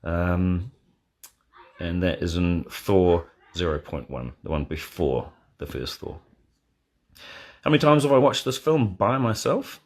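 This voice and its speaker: A man hosting a casual live watch party from bed, answering chat questions in a deadpan, joking way. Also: deep voice, measured pace. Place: in bed at home. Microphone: phone.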